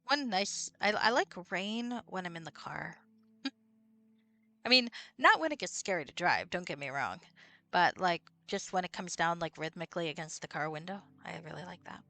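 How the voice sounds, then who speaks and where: A woman's voice: fairly low pitch, expressive, moderate pace, pushed and bright, no echo. A woman streaming a computer role-playing game, chatting casually, swearing and reading out the characters' lines. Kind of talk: casual let's-play chat with read-aloud dialogue.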